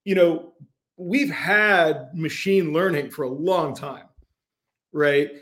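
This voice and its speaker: Animated middle-aged man telling stories. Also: fairly high pitch, takes it slowly. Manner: animated storyteller with frequent fillers and restarts. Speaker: podcast guest, tech company CEO. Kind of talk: casual podcast chat.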